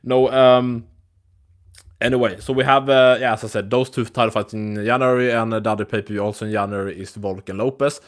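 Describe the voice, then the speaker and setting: A man hosting a live stream, chatting loosely and thinking out loud. His talk is rambling, full of restarts and casual swearing. His pitch sits in an ordinary middle range for a man. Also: steady tone, a little fast. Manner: rambling, loose and profane, with frequent restarts and fillers. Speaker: host of a live MMA news stream.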